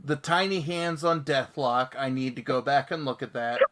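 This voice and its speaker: A man's voice: medium pitch, moderate pace, crowd noise. A man hosting a casual comics chat show and reading viewer comments aloud. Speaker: podcast host.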